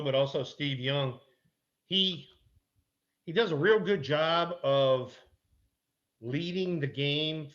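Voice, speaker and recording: A middle-aged man, a former ballplayer and guest, telling an animated anecdote with mild swearing. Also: on the high side, highs cut off. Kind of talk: casual chat, storytelling.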